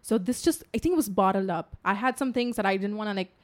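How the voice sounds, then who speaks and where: A woman in her twenties chatting casually as a podcast co-host, telling stories in an animated way with swearing and laughter. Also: mid-range voice, quick pace. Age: 20s. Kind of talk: casual chat.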